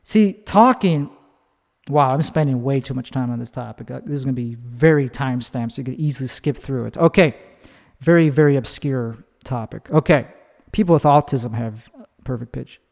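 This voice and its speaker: A man's voice: mid-range voice, fairly quick, vocal fry, darkish tone, in a large hall. A man talking casually in a rambling monologue, swearing and often restarting his sentences. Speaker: podcast host.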